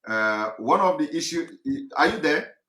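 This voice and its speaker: A man hosting a talk show and moderating a caller, speaking haltingly with many fillers and restarts. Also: fairly high pitch, lively intonation, sharp tone, echoey room. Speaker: host.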